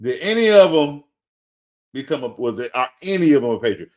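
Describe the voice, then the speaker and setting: In a brisk, sing-song, mid-range voice with a slightly mellow tone, a man hosts a fantasy football show and rants casually. He repeatedly and emphatically warns a listener, practically begging, while joking and laughing at himself.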